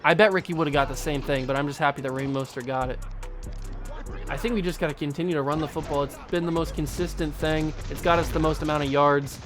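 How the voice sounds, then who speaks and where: A young adult host talks through a football video game in a running, exasperated commentary, venting as the plays go wrong. The voice sits at an ordinary middle pitch. Faint game music plays underneath. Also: fairly even intonation, fast. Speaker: channel host.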